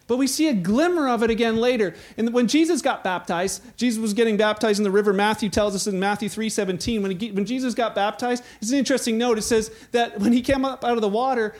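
A pastor giving a conversational sermon, acting out the scripture he quotes with playful asides. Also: high voice.

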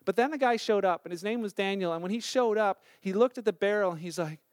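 Man, high voice, dry close sound, casual testimony, acts out dialogue. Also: quick pace, no room sound. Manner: acts out the dialogue of the people in his story. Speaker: church member reporting on a mission trip.

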